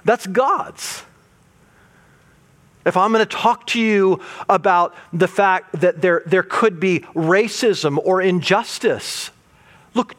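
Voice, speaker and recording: This sermon comes from a man whose voice is high-pitched and fairly bright. Pressing his argument, the pastor performs the complaints he quotes and trips over repeated words along the way.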